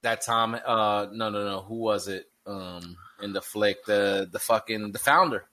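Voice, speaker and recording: A man's voice: on the low side, unhurried, bright, forceful tone. A man co-hosting a podcast in casual chat, laid-back and slangy as he chimes in. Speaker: podcast co-host.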